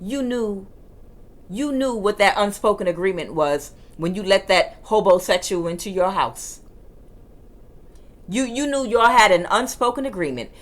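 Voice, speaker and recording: A woman reading tarot cards in a forceful, emphatic way that can sound like yelling, repeating her phrases for emphasis. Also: mid-range voice, expressive, measured pace. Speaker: tarot reader.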